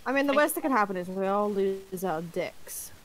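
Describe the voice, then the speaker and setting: A woman playing a tabletop game over voice chat. She trades dry, teasing jokes with the other players. Her tone stays wry and relaxed. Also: mid-range voice, moderate pace. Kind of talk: casual tabletop play.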